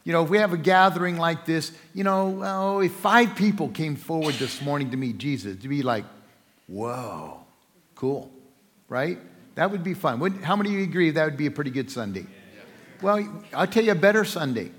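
A man preaching a sermon in a church, telling a story with lively asides, joking and voicing the people in it. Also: fairly high pitch, a little fast. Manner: lively storytelling with playful asides and voiced characters. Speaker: pastor. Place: church sanctuary. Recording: long hall reverb.

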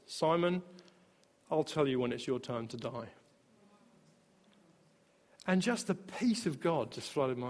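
A male pastor with a high voice preaches to his church, telling stories with energy and laughing along the way. His voice rings through a hall with a long reverb. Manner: storytelling, animated, laughs often. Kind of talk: sermon.

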